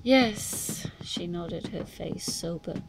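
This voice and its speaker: A woman reading an audiobook in measured, scripted narration. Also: on the low side, gravelly, noisy background. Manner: slow, measured reading with voiced dialogue. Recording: music bed under narration.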